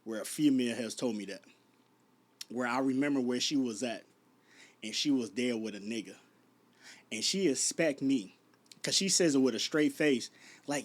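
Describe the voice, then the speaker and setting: A man's voice: medium pitch, moderate pace, pauses often. A man, ranting late at night to his viewers, stumbling over restarts and firing off rhetorical questions. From Chicago. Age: 30s. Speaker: vlogger. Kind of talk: late-night rant to camera.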